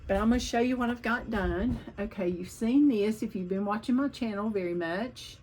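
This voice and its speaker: Chatty woman with a husky voice. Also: mid-range voice, moderate pace, darkish tone, poor audio. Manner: chatty and rambling, hops between topics. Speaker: cross-stitch vlogger. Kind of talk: casual chat about her stitching.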